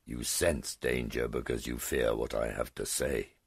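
A man voicing an ancient, condescending male dragon in an audiobook, with a deep growling voice and a slow, superior manner. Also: fairly even intonation, gravelly, breathy edge, no echo, studio quality, exaggerated voice. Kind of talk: audiobook character voice.

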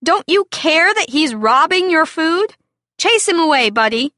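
A woman reading as a bossy farm girl in a storybook, high, bright and scolding, close dry sound with nothing around it. the voice moves slowly, each scolding word set down with care. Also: very animated, no echo, heavily acted. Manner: scolding, pleading.

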